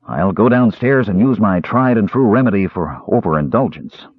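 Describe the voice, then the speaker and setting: A man's voice: fairly low pitch, expressive, moderate pace, breathy edge, no echo, narrow, tinny audio. A man voicing a big, grumpy, hungover warrior who mutters and growls through clenched teeth.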